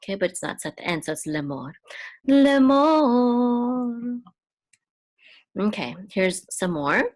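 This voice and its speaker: A woman teaching biblical Hebrew reading step by step, explaining in short pieces and singing out each word higher and louder. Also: quick pace, dry recording. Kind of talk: slow step-by-step lesson with chanted words.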